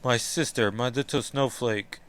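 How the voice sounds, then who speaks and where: A man's voice: mid-range voice, a little slow, a bit bright, smooth, lightly acted. A man voicing a young man who grieves tearfully over a lost girl. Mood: grieving. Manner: tearful, sorrowful.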